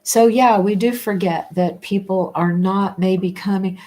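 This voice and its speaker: A woman's voice: medium pitch, moderate pace, hardly any pauses, a little hiss or hum. Rambling, reflective woman chatting. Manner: rambling, restarts often, laughs between thoughts. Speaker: livestream host reading viewer comments. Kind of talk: casual reflective chat.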